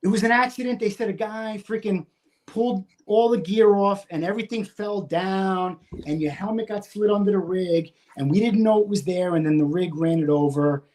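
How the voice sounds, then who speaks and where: A man in his fifties, a retired firefighter from the United States, swearing freely as he tells a story in casual conversation and acting out his own shouting. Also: high voice, normal speed. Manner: profane, animated, acts out his own shouting.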